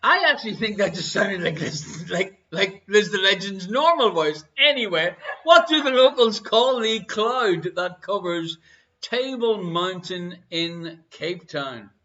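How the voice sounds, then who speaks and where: Irish man, quiz host, playful, repeats questions, high pitched, muffled stream sound. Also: animated, a little slow, pushed and bright. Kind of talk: live online quiz hosting.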